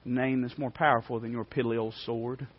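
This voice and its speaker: A man's voice: mid-range voice, level tone, normal speed, breathy edge, highs cut off, lightly acted. A man preaching, voicing a young shepherd hero who defies a giant with rising passion. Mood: fervent. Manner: rising to impassioned shouting.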